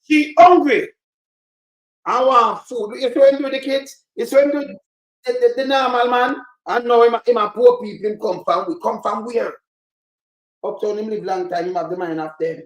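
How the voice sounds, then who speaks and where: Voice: medium pitch, fairly even intonation, brisk, roomy sound, rough recording. A Jamaican speaker complaining indignantly to the camera, firing off questions.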